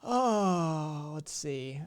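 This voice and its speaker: A man's voice: a little high, animated, very slow, clear, resonant tone. A man hosting a live stream, talking in a rambling way with lots of fillers and restarts. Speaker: streamer host.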